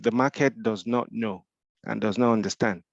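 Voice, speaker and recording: A man's voice: fairly low pitch, fairly even intonation, normal speed, gravelly, no echo, highs cut off. A man with a Nigerian accent, mentoring in a Q&A discussion, explaining with rhetorical questions and frequent repeated restarts.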